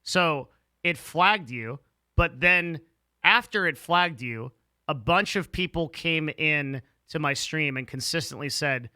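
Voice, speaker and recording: A man's voice: fairly high pitch, slow, bright, forceful tone, clean tone, dry recording. A man hosting a casual interview, talking with energy and emphasis in slangy speech with swearing.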